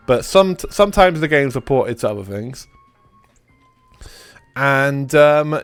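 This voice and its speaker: A man with a mid-range voice, hoarse and stuffed up from being ill, rambles through a live stream. He talks loosely, with restarts and swearing, while faint music plays behind him. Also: mid-range voice, dry recording. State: stuffy nose after a cold. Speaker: live streamer hosting a retro game stream. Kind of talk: casual live-stream chat.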